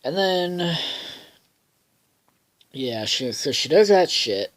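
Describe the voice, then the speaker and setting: A man's voice: fairly high pitch, animated, slow, low-quality recording. Rambling man recapping a cartoon episode. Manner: rambling, many fillers, swears freely; loses track and backtracks. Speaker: episode reviewer.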